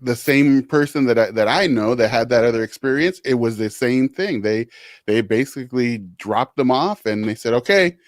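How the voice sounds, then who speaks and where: A man's voice: mid-range voice, dry recording, clean studio sound. A middle-aged man hosting a podcast interview, talking in a reflective, supportive way. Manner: reflective, supportive, quick laughs. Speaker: podcast host.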